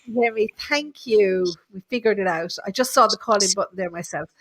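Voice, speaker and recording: A woman working as a medium talks through a live reading with a caller, chatty and reassuring, thinking aloud with lots of fillers. Her mid-range voice is a bit bright and moves at a normal speed, with a little hiss or hum on the recording.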